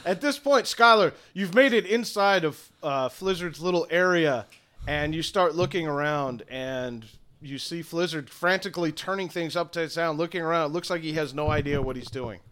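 A man runs a tabletop game as game master, casual and halting with plenty of fillers. His voice is bright and a little high.

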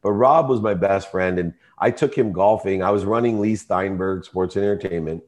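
A man's voice: low voice, moderate pace. A man, a guest entrepreneur, telling his life story with emphatic, emotional delivery in an interview. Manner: emotional, emphatic, rising to shouting in quoted arguments.

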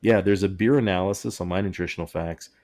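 A man's voice: sits low, fast talker, a little mellow. A man co-hosting a podcast in casual chat, rambling and often breaking into laughter mid-sentence. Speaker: podcast co-host.

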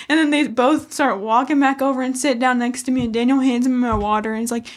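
A woman's voice: on the high side, steady tone, quick pace, hardly any pauses. A woman, co-hosting a podcast and telling a story with lots of laughing and swearing. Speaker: podcast co-host. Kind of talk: casual chat.

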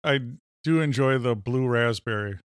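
A man from Minnesota with a Minnesotan accent, co-hosting a podcast in casual banter, full of deadpan jokes. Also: mid-range voice, normal speed, smooth, no room sound, studio quality. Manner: jokey, deadpan asides. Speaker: podcast co-host.

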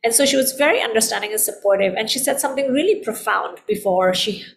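A woman's voice: on the high side, lively intonation, fast talker, vocal fry. A middle-aged woman, a guest in a conversation, telling a personal story in an earnest, heartfelt way and repeating phrases for emphasis.

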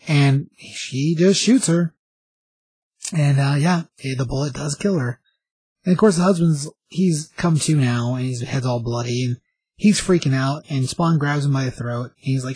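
Husky man casually recapping a story. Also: mid-range voice, moderate pace, a little mellow, no room sound, rough recording. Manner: rambling, informal, with fillers. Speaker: vlogger recapping a show.

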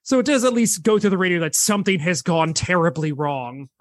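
A man's voice: high voice, a little fast, dry recording, studio quality. A man co-hosting a casual podcast, animatedly recapping a film and acting out the characters' lines. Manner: animated storyteller acting out quotes. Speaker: podcast co-host.

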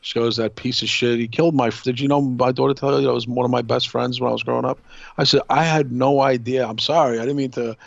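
New york dude rambling thru a story on a podcast, lots of restarts, gravelly voice. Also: male voice, medium pitch, fast talker, no room sound, dull audio. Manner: rambling, animated, many restarts. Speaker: podcast co-host. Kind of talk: casual storytelling chat.

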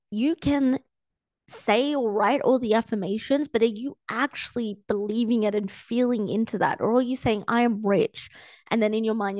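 A woman's voice: mid-range voice, darkish tone, no echo. Chatty woman coaching, dry sound. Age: young adult. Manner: chatty, filler-heavy, acts out quoted thoughts. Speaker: podcast host and coach. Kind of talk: casual solo podcast talk.

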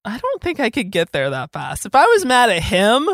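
A woman co-hosting a podcast, telling a story in a blunt, animated way and swearing freely. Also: fairly high pitch, normal speed, dry recording. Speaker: podcast co-host. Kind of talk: casual chat, storytelling.

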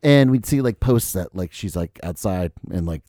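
A man's voice: deep voice, animated, normal speed, dark tone, no echo, studio quality. A young adult man, a musician, telling a long story in casual podcast chat, rambling with lots of fillers and swearing. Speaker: guest musician.

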